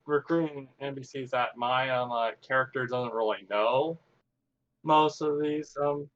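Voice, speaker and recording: A man's voice: mid-range voice, steady tone, measured pace, a bit bright, no room sound. A man playing a tabletop game, speaking unsurely with many fillers. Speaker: player. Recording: dull lo-fi mic.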